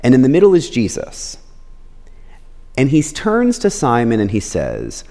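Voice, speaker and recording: A man gives a sermon in a relaxed, conversational way, keeps asking his listeners "right?", and leaps up in pitch when he acts things out. His voice is very lively and swings a lot. A long reverb trails each line, as in a large hall. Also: unhurried, vocal fry, long pauses. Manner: acts out quotes with big pitch jumps. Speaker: pastor.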